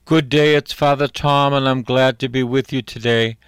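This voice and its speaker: A man's voice: mid-range voice, steady tone, smooth, faint music behind, low-quality recording. A male priest reading scripture aloud and commenting on it, earnest, repeating key lines for emphasis and asking listeners direct questions. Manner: slow, deliberate, asks listeners direct questions.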